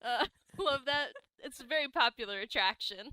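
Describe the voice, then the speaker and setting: A woman running a tabletop game as game master, relaxed and hesitant as she narrates. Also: fairly high pitch. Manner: relaxed and unhurried, with many hesitations.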